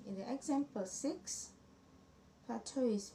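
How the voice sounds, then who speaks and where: Slow, halting young woman student presenter. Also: mid-range voice, lively intonation, vocal fry, a little hiss or hum. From Indonesia. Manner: halting, restarts words, reads examples aloud. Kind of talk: online class presentation.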